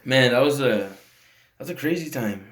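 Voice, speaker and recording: A man's voice: medium pitch, animated, normal speed. A man co-hosting a casual podcast, telling a story in a laid-back, rambling way with many fillers, recorded on a phone in a home studio. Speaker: podcast co-host. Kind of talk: casual chat. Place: house used as a home studio.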